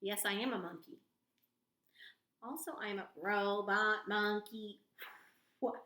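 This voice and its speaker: Woman reader for kids' story time, bright, unhurried, goofy and expressive delivery. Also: mid-range voice, reverberant. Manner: playful, silly, exaggerated reading voice. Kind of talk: reading a picture book aloud to kids.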